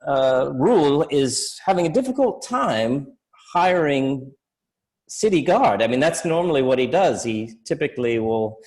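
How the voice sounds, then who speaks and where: A polite, talkative halfling musician from a tabletop game rambles on with plenty of hesitant fillers, as a man puts him on. His voice sits in an ordinary middle pitch. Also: lively intonation, unhurried, a little mellow, poor audio. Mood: friendly, chatty. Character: chatty male halfling musician, polite and gossipy.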